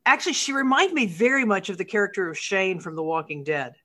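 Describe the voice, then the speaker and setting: A woman's voice: medium pitch, big pitch swings, fast talker, fairly bright tone. A woman co-hosting a casual chat, frank and outspoken in her opinions. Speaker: podcast co-host.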